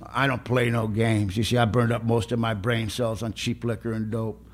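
An older man giving a personal recovery testimony, plain-spoken and emotional, with rough humor. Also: medium pitch, level tone, moderate pace. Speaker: recovery meeting speaker.

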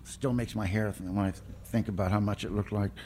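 A man's voice: lowish voice, fairly even intonation, brisk, darkish tone, a little hiss or hum. A middle-aged man, telling his own story at a recovery meeting in a raw, plain-spoken way. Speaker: recovery speaker.

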